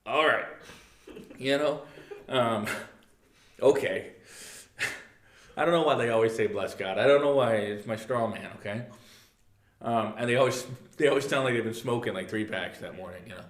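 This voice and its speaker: A man's voice: medium pitch, moderate pace, pauses often, reverberant. A man pastor giving a casual midweek Bible teaching, reading from his notes with joking asides. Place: church.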